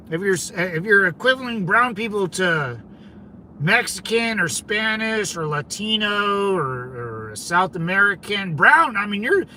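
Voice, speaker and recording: On his laid-back stream, this California host rambles and responds to his audience, sprinkling in plenty of "man" and "dude." His voice is high, bright and forceful, with slight background noise.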